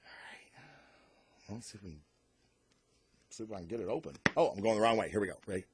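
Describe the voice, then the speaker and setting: A man hosting a casual comic book unboxing and review vlog, talking in an excitable, loose way and cursing freely. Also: lowish voice, fast, background noise.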